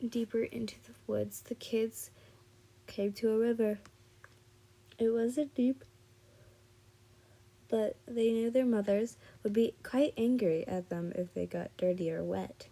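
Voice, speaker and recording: A tired woman reading fan fiction aloud at a slow, unhurried pace. Her voice is mellow and sits slightly high. She stumbles, restarts and apologizes as she goes. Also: fairly even intonation, vocal fry. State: tired and yawning.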